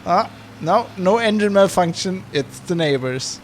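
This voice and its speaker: A man's voice: high-pitched, expressive, measured pace, gravelly, a little hiss or hum. A man giving casual, rambling commentary while flying, thinking aloud with many fillers. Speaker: flight sim streamer.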